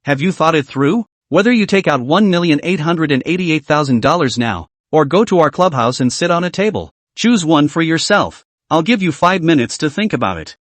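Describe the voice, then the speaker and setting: A man's voice: a little high, lively intonation, brisk, hardly any pauses, dry recording, natural voice. A man voicing a lewd, menacing loan shark thug in a dry, close recording. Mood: sneering.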